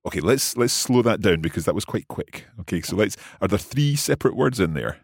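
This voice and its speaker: This middle-aged language podcast host, a learner full of questions and good humour, talks in a fairly low, gravelly voice that is very animated and a little fast. The scripted lesson chat is studio quality with no echo.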